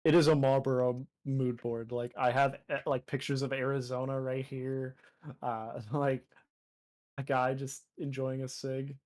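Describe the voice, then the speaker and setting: A man's voice: mid-range voice, little pitch movement, unhurried, a little mellow. A young Canadian man with a Canadian accent, chatting casually and joking while he draws on a live stream, with lots of fillers. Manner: rambling, joking, heavy fillers. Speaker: artist and streamer. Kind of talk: casual chat while drawing.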